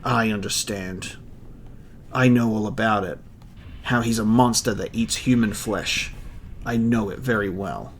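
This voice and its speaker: A man voicing a grim, stoic young swordsman while reading a manga aloud, in a flat, cold, unhurried manner. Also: fairly low pitch, slight background noise.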